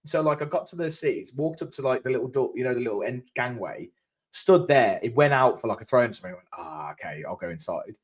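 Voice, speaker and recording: A man co-hosting a football fan chat, telling stories in an animated way. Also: mid-range voice, quick pace. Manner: animated storytelling, restarts, laughs often. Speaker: football fan channel co-host. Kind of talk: casual chat.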